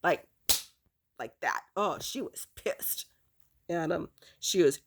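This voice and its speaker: A woman telling a personal story in a rambling, halting way, chuckling now and then. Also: lowish voice, lively intonation, husky.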